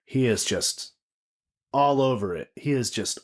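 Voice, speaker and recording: Young male podcast co-host, mid-pitched, rambly, jokey, casual swearing. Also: lively intonation, a little slow.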